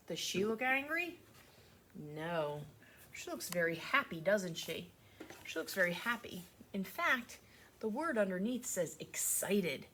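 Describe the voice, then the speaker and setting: A woman teacher giving a remote lesson to young children, speaking slowly and in a sing-song way. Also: medium pitch, very animated, pushed and bright, a little hiss or hum.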